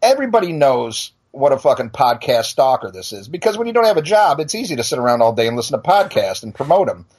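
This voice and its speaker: Husky, fired-up middle-aged man. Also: medium pitch, very animated, fast, few pauses, darkish tone. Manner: profane, blunt, stammers into restarts. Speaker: podcast and radio show host. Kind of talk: heated casual rant.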